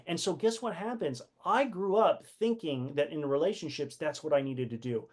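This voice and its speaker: A man with a fairly high voice talks casually to a live audience about books. He asks the listeners rhetorical questions and often restarts his sentences with fillers. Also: expressive, moderate pace, hardly any pauses. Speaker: host of a community book session. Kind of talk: casual live-stream talk.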